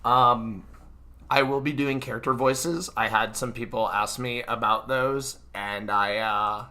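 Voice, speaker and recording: A man's voice: medium pitch, fairly even intonation, measured pace, pushed and bright. A man with a stuffy nose, hosting a live reading of his book from his own room into a computer mic, talking casually with lots of fillers and self-deprecating asides. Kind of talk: casual livestream chat. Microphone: computer mic at his desk.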